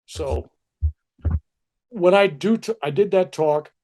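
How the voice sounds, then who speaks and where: Older male storyteller, gravelly low-key voice, lively acted-out quotes, conversational. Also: slow pace. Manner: animated anecdotes with acted-out quotes. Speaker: spiritual teacher.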